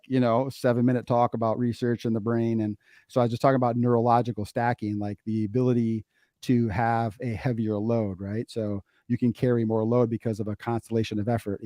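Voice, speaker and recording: A middle-aged man talks through a casual podcast, his tone mellow and warm. He tells stories with energy and repeats key phrases for emphasis. The mic is close and the sound is dry. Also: medium pitch, no echo. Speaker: podcast co-host, father.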